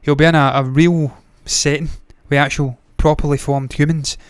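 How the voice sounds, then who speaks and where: A man's voice: a little high, level tone, normal speed, clear, resonant tone, dry recording. Profane, rambling movie-news host, man. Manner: blunt, profane, rambling with tangents. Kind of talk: casual solo commentary.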